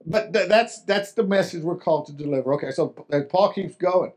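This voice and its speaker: A man with a high voice preaches a sermon, talking to his listeners as if in conversation. He restarts and repeats his words and asks them questions. His volume swings between quiet and loud to drive his points home. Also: a little fast. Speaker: pastor.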